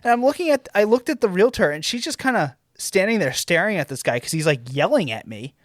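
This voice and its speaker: Young male podcast co-host, lively storyteller, slightly high voice. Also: fast, dry recording, studio quality. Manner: animated, swears, acts out quotes. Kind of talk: casual storytelling chat.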